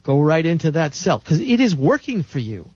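A man's voice: fairly high pitch, sing-song, normal speed, darkish tone, slightly rough, dry recording. A man giving an impassioned health lecture in a preachy, emphatic way, chanting repeated lists. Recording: dull dry recording.

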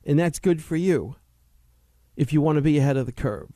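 A man hosting a health talk show, lecturing with lively rhetorical questions and a preachy tone. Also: on the high side, normal speed, no echo, clean studio sound. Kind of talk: animated health talk monologue.

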